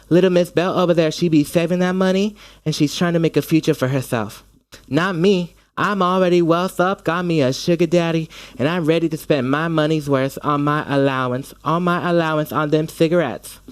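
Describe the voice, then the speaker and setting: A man's voice: a little high, fairly quick, clear, resonant tone, no echo, pitched above the performer's own voice, close to an everyday voice. A man voicing a brassy, gossiping drag-queen dame with a Southern American accent, sassy and scornful. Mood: catty.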